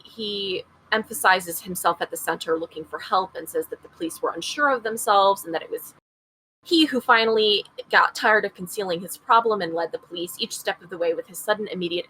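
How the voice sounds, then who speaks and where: A woman with a bright, crisp voice talks through a case in casual podcast storytelling. She reads passages aloud and breaks off for her own chatty asides. Her pitch sits at an ordinary level for a woman. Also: a little hiss or hum, poor audio. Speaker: podcast co-host. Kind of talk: casual true-crime storytelling.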